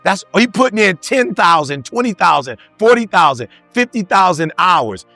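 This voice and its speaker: A man's voice: sits high, big pitch swings, normal speed, sharp tone, no echo, soft background music. A man giving a motivational talk to a live audience, firing off rhetorical questions in casual street slang. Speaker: motivational speaker.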